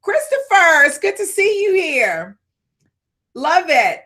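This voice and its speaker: High-pitched excitable woman hosting a call. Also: slow. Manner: excitable, shouts greetings, fired up; high-spirited. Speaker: business coach hosting a live call. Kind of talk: lively live Q&A call.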